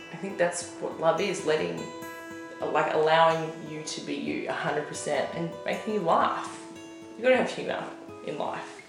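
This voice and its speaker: A young woman telling her personal story in a candid, chatty way, full of "like". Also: deep voice. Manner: chatty, heavy on filler "like". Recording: roomy echo with music bed. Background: soft instrumental music.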